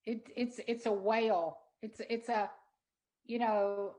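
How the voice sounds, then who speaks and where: A middle-aged woman, a guest in an interview, telling an emotional story in an earnest, halting way with many restarts. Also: a little high, fairly even intonation, a little mellow, low-quality recording. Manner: earnest, halting, repeats words when moved. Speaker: interview guest, sanctuary owner.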